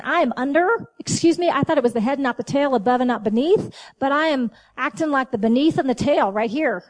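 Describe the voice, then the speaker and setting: A middle-aged woman delivers a sermon in a high, bright-pitched voice. She speaks straight to her listeners, coaxing and animated, and breaks into quick acted-out exchanges with God. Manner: animated, talks to the audience, acts out dialogue with God. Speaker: preacher.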